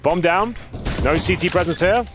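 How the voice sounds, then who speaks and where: Brief: male esports caster, mid-pitched, excitable, game gunfire clearly audible behind. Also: moderate pace, noisy background. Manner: excitable, rising to loud calls on action. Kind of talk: live esports commentary.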